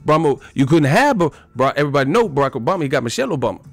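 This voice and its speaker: A man's voice: fairly high pitch, breathy edge, no room sound, full character voice. A man doing a cocky, insistent fight commentator. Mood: smug. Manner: loud, insistent, I-told-you-so lecturing. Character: impression of a cocky male ex-boxer turned commentator.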